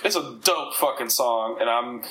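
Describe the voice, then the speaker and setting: A man's voice: medium pitch, animated, unhurried, bright, forceful tone, low-quality recording. A man talking as a comedian guest on a casual podcast, rambling and swearing as he tells stories. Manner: rambling, profane, laughs while telling stories.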